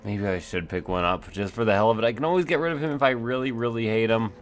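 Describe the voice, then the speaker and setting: Low-voiced man rambling through gameplay. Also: fast talker. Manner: rambling, self-mocking, thinks aloud with fillers. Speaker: let's play host. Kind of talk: casual gameplay commentary.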